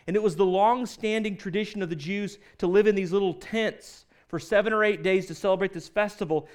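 A male pastor preaching a sermon in a conversational storytelling manner, often correcting himself mid-sentence. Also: high-pitched.

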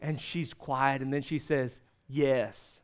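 A man's voice: sits high, animated, moderate pace, fairly bright tone, clear, resonant tone. A man preaching a sermon as pastor, telling stories and jokes and asking the listeners questions.

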